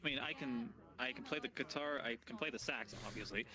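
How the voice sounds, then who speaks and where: Uomo enfatico e rapido, brusio di gente dietro. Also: male voice, medium pitch, rough recording. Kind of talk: casual chat in a VR social game. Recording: crowd chatter behind.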